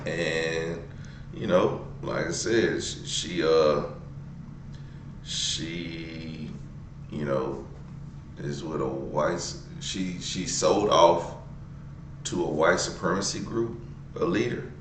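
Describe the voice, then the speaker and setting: A man hosting a show, introducing a story in a relaxed, halting way. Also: a bass voice. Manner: relaxed, halting, many fillers. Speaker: show host. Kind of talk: casual stream intro. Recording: roomy, distant mic with faint noise.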